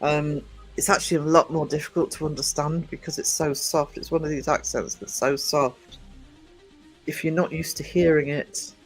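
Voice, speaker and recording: A middle-aged man from the North East of England with a soft Northumbrian accent, talking in a fairly high voice. He rambles through a casual livestream chat full of fillers and restarts. Faint music plays under him. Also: fairly even intonation, normal speed. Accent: Northumbrian English. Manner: rambling, greets chatters by name, many fillers and restarts. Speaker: livestream host. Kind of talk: casual chat to live viewers.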